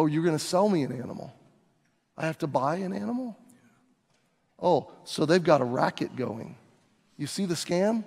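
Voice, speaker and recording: A man's voice: on the high side, darkish tone, big-room sound. A male pastor preaching a sermon, telling the story dramatically as if living through it himself. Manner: dramatic storytelling, acting out scenes.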